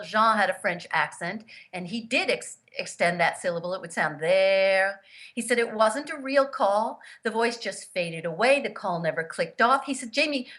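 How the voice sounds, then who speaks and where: Bright, forceful woman telling a story. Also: fairly high pitch. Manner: lively storyteller who acts out the voices of the people she quotes; earnest and emphatic. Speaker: guest, grief therapist and author. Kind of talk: personal storytelling in an interview.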